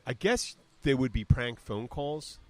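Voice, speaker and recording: A man's voice: mid-range voice, animated, measured pace, dry recording. A man in his fifties hosting a podcast in casual chat, rambling with restarts and fillers. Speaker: podcast host.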